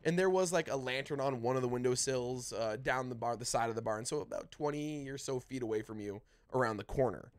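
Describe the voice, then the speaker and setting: Acting as dungeon master, a man describes tabletop game scenes in a halting, filler-heavy way. His voice sits in the mid-range, with no echo in the recording.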